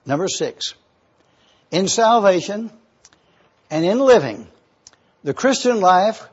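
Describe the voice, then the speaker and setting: A man preaching a sermon, slow and emphatic, stopping to spell out words for his listeners. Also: high voice, expressive, breathy edge. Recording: dull lo-fi recording.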